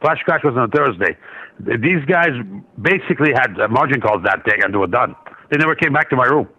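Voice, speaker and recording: A man's voice: medium pitch, expressive, fairly quick, pushed and bright. A man guest on a market radio show, telling a trading story in a rambling way, with many restarts and asides. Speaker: guest market analyst and trader. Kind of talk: casual radio interview storytelling. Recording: dull lo-fi line.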